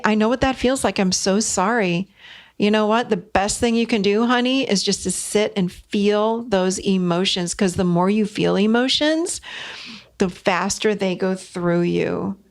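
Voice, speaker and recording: A woman's voice: mid-range voice, unhurried. A middle-aged woman hosting a podcast, giving casual advice and acting out short exchanges between parents and children. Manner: warm, emphatic, acts out parent and child voices. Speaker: podcast host and therapist.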